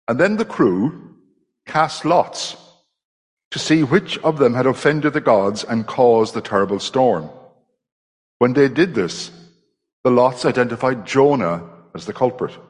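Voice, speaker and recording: Male scripture reader, husky voice, measured delivery, long church reverb. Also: mid-range voice, animated. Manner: measured dramatic reading. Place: church hall.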